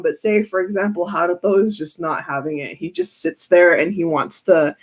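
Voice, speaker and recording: A woman giving a casual tarot reading who keeps breaking into giggles as she talks. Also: mid-range voice. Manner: giggly, often breaks into laughter. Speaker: tarot reader.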